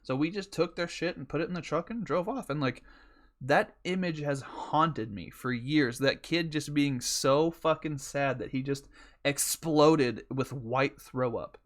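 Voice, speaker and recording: Podcast host, man, slightly higher voice, casual profane storyteller. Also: measured pace. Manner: profane, rambling, joking.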